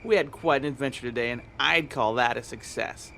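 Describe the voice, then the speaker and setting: An actor voicing an eager, excitable male mouse office worker with a bouncy, chatty way of talking. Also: mid-range voice, brisk, vocal fry, slight background noise. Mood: excited. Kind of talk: cartoon voice acting.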